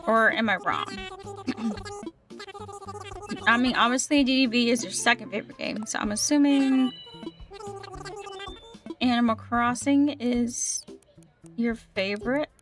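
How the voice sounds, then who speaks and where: A woman's voice: a little high, a little slow, long pauses, fairly bright tone, soft background music. A woman gaming streamer chatting casually with her livestream, reading chat aloud and often repeating herself.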